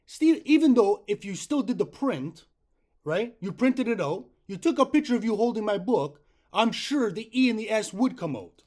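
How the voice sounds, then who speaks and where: A man with a high-pitched voice makes an insistent complaint call to customer support. He sounds frustrated and keeps checking "right?" as he lays out his case. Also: very animated, normal speed, darkish tone. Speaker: self-publishing author calling customer support.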